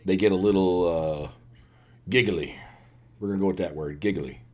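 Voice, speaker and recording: A man's voice: low voice, normal speed, darkish tone. A man co-hosting a podcast, trading jokes in casual chat about his family. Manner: joking banter. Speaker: podcast co-host.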